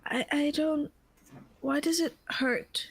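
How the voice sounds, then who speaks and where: A woman voicing a grieving woman who sobs through halting, broken sentences. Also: high-pitched, fairly even intonation, voice pushed up, rough recording. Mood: pained. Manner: halting, broken sobbing speech. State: crying. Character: grieving woman, sobbing over lost kin.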